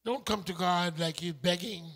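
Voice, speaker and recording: A man from St preaching a sermon in a church, shifting from quiet talk to impassioned shouting. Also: high-pitched, moderate pace, gravelly.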